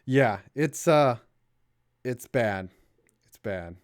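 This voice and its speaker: Smooth-voiced laid-back stream host. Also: male voice, animated, very slow. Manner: loose, profane, trailing off into low mumbles. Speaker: stream host reading viewer donations. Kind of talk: casual sports chat.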